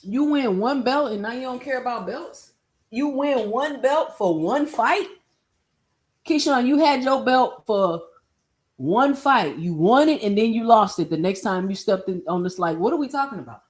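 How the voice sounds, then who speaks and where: A woman hosting a casual boxing livestream, talking in an opinionated, animated way and speaking straight to her chat. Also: fairly high pitch, normal speed. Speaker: livestream boxing talk host.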